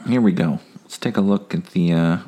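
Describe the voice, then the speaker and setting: A man's voice: sits low, normal speed, dark tone. A man hosting a casual solo podcast, rambling and wry, swearing freely. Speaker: podcast host.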